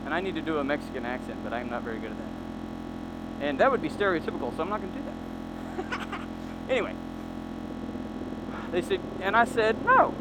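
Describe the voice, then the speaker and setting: A man's voice: medium pitch, wildly swooping pitch, normal speed, pauses often. A man casually telling a rambling story while riding a motorcycle on a forest trail, correcting himself as he goes, recorded on a helmet camera. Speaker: motovlogger. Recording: engine and wind noise. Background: motorcycle engine noise.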